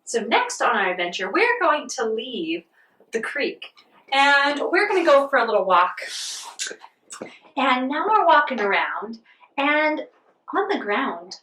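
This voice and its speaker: Brief: high-voiced woman, kids' yoga teacher, playful and sing-song, heard from afar with a roomy echo. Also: moderate pace, recorded from a distance, slight background noise. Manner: animated, sing-song, talks to a child. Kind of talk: playful children's yoga lesson. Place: outdoors on a farm.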